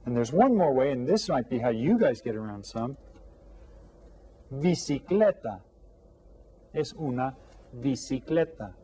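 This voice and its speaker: A man teaching an elementary language lesson, drawing out each new word slowly and coaxing the class with friendly questions. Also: mid-range voice, lively intonation, warm tone, slightly rough. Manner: slow, drawn-out repetition of vocabulary for students. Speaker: Spanish teacher.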